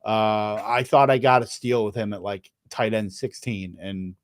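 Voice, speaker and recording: A man's voice: on the low side, measured pace, smooth, dry recording, studio quality. A man fantasy football analyst in a casual panel chat, rambling with frequent restarts. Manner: rambling, full of restarts and fillers.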